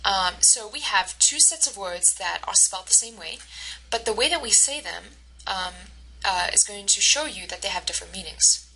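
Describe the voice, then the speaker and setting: Woman teacher doing a recorded slide lecture, bright clear voice, slows down on example words. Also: mid-range voice, lively intonation, slight background noise, poor audio. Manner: explanatory, slows to model stressed words. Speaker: university instructor.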